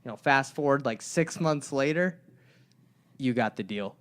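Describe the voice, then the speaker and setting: A man's voice: medium pitch, animated, a little slow, fairly bright tone. A young man co-hosting a podcast, telling a long story in a loose, rambling way and acting out the people in it. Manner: rambling storyteller who acts out the people in his anecdotes. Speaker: podcast co-host. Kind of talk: casual podcast conversation.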